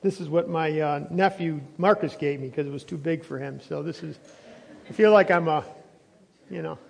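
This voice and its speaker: In a church sanctuary, a pastor gives a chatty sermon through a mouthful of gum, frequently starting over and letting his emphasis rise. His slightly high voice is creaky and moves at a moderate pace. With his lapel mic off, a long hall reverb fills the recording.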